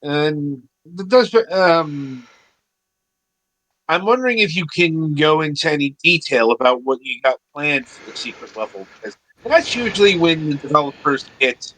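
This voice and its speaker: Easygoing bright-voiced podcast host man. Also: on the high side, animated, moderate pace. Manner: easygoing, rambling questions. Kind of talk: casual interview chat.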